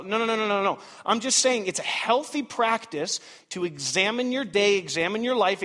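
A pastor in his thirties preaches animatedly and dramatically in a reverberant church hall, swinging from loud outbursts to hushed asides. His voice is high-pitched.

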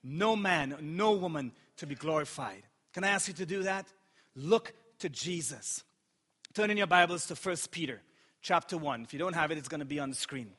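A man's voice: a little high, normal speed, fairly bright tone. A man preaching a sermon as pastor, impassioned and joking with his congregation now and then. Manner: impassioned, playful asides to the congregation. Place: church sanctuary. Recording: long hall reverb.

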